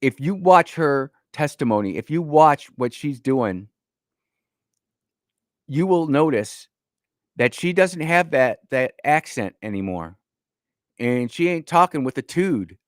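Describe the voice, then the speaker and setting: A man's voice: mid-range voice, expressive, slow pace, long pauses, dry recording, studio quality. A man hosting a political talk radio show, speaking in a folksy, emphatic way with frequent restarts, from Northern Illinois. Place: radio studio.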